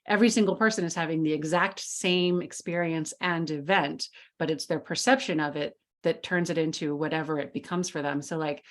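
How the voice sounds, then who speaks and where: A woman's voice: low voice, fairly even intonation, fairly quick. A woman hosting a casual group discussion on a video call, chatty, with frequent fillers and easy laughter. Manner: chatty, laughs often, many "like" and "you know" fillers. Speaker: mastermind group host.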